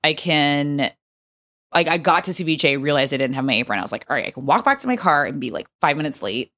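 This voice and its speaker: A young woman on a podcast rattles through a workplace story at a quick clip, swearing freely and leaning on filler words. Her voice sits on the lower side for a woman. She tells it as easygoing, lively chat. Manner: animated, profane storytelling with many fillers. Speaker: podcast guest.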